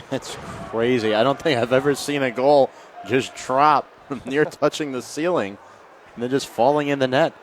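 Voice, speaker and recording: A man giving relaxed color commentary on a lacrosse game, chuckling between analytical remarks. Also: mid-range voice, moderate pace, slight background noise.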